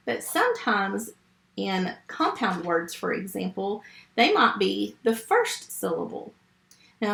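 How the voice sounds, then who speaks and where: A woman's voice: medium pitch, creaky, a bit bright, reverberant. A woman teaching a first grade phonics lesson remotely, patient and step by step. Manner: slow, patient, step-by-step teaching to young children.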